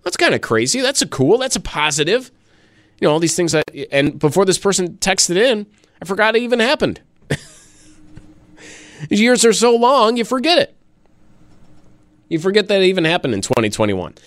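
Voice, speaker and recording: A man's voice: big pitch swings, moderate pace, pauses often, a bit bright, dry recording. A man hosting a casual radio show, chatting and laughing as he reads listener messages. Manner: chatty, laughing, wide pitch swings. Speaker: radio host.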